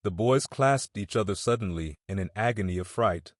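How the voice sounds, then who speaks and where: A man narrating a classic novel in a measured, storytelling reading. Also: on the low side, no room sound, studio quality. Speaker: audiobook narrator. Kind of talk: scripted narration.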